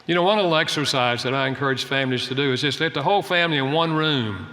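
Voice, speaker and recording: Older man, bright folksy sermon voice. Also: mid-range voice, quick pace, in a large hall. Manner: earnest, folksy, storytelling. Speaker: speaker on family and marriage. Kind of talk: sermon-style talk.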